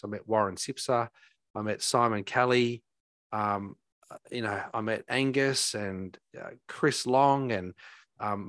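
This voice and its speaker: A man's voice: medium pitch, a bit bright, dry recording, clean studio sound. Rambling man telling stories. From Australia. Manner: rambling, heartfelt, many fillers and restarts. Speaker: guest. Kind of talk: casual storytelling.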